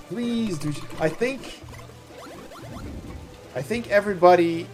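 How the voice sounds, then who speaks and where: A man's voice: high voice, darkish tone. A Dutch man streaming a video game, chatting casually with his viewers and laughing often. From Netherlands. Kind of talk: casual live-stream chat while playing. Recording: game music behind.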